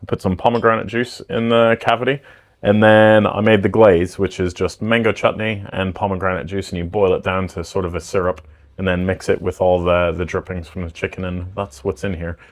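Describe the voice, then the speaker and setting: A man co-hosting a podcast, telling stories and explaining his cooking in a chatty, animated way. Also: deep voice, fairly quick. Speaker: podcast co-host. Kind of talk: casual chat.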